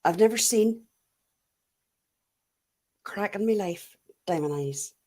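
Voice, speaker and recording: A woman's voice: mid-range voice, lively intonation, slow, warm tone. A middle-aged Irish woman chatting casually as she answers live comments, blunt and laughing often. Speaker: YouTube livestream host.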